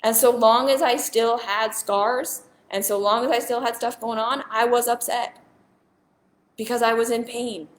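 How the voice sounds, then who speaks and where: A woman's voice: on the high side, steady tone, measured pace, reverberant. A woman and spiritual teacher talking straight to viewers in a casual monologue, earnest and emphatic, often repeating herself.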